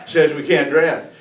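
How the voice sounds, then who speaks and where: A man's voice: on the high side, a little hiss or hum, voice pushed up. An older man voicing a sarcastic male boot camp drill instructor, recorded in a roomy space from a distance. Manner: sneering, sarcastic.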